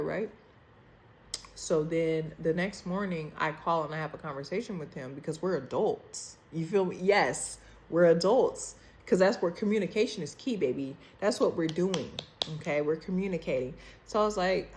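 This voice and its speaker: A young woman with a slightly low voice is speaking into her phone on a video call. She tells a story in a loose, candid, profane way and keeps calling her friend "girl" and "baby". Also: normal speed, slight background noise. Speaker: storytime vlogger.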